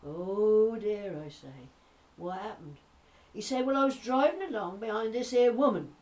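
A woman's voice: mid-range voice, animated, a little slow, darkish tone, distant mic, pitched above the performer's own voice, lightly acted. A woman voicing a chatty old Norfolk countrywoman with a broad rustic accent, spinning jokey yarns. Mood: jolly yarning.

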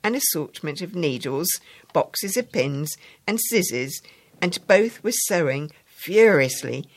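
Low-voiced woman reading a story aloud. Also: expressive, slow, dry recording.

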